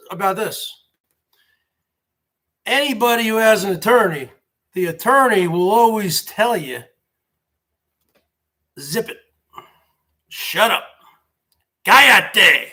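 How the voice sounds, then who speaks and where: A man's voice: high voice, sharp tone. A man in his forties hosting his own show, ranting sarcastically in a casual, repetitive way. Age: 40s. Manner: sarcastic, emphatic, repeats himself. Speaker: show host. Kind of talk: casual livestream rant.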